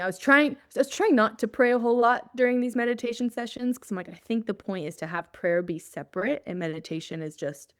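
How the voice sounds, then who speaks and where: A woman's voice: on the low side, smooth, no room sound, clean studio sound. A woman guest on an interview show, telling a personal story in a casual way, often laughing and acting out her own thoughts. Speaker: guest, journalist.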